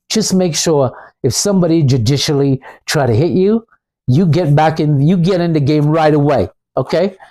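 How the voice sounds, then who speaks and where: A man's voice: medium pitch, mellow. A man giving a blunt, off-the-cuff motivational talk, repeating himself in a combative way. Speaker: channel host.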